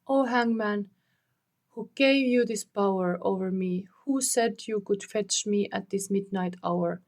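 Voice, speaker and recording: A woman's voice: medium pitch, measured pace, darkish tone, lightly acted. A woman reading aloud, voicing a desperate young imprisoned woman who pleads frantically for her life. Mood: pleading.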